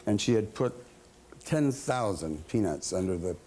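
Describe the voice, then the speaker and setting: Low-voiced older man telling wry stories. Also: lively intonation, moderate pace, warm tone, a little hiss or hum. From American South. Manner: self-deprecating storyteller, chuckling. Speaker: talk show guest. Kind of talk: casual anecdotes. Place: TV studio with audience.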